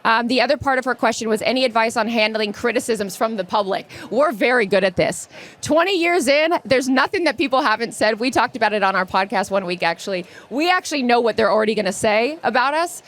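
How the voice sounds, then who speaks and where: A woman in her forties, co-hosting a live podcast and answering listener questions in a quick, chatty way. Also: on the high side, expressive, fairly bright tone. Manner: fast-talking, chatty. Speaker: podcast co-host. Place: live stage event.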